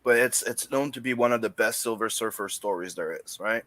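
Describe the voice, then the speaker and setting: A man from French Canada co-hosting a podcast, talking in animated, casual banter that swears often and stumbles over restarts. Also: fairly low pitch, fairly quick, no room sound. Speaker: podcast co-host.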